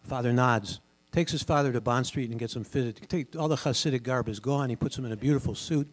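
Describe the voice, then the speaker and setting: Speaking a little fast into a stage microphone, an older radio host with a booming broadcaster's voice delivers a relaxed, chatty talk full of stories and fillers as a guest speaker in a big synagogue hall, keeping a genial manner throughout.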